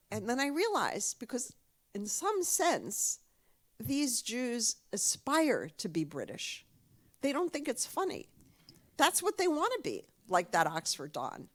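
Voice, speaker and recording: Woman, American accent, lecturer, animated storyteller, lively high voice. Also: measured pace. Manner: animated, laughs at own stories, repeats phrases. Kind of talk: public lecture with joke-telling.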